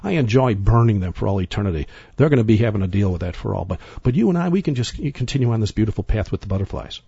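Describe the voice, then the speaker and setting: Man doing a breezy, smug divine figure, husky and low. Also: expressive, fast talker, dark tone, no room sound, lo-fi sound, heavily acted. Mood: offhand. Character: calm, smug male divine figure, casually cruel.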